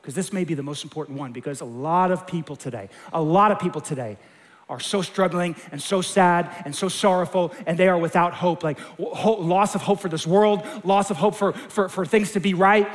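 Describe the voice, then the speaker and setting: High-voiced pastor preaching in a reverberant hall. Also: male voice. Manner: impassioned, quoting scripture with acted asides. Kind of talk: sermon.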